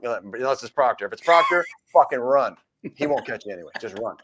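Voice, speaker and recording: Over a noisy background, an ex-police officer hosts a live-stream chat, talking quickly in a mid-range voice. He vividly reenacts run-ins on the street using a range of voices.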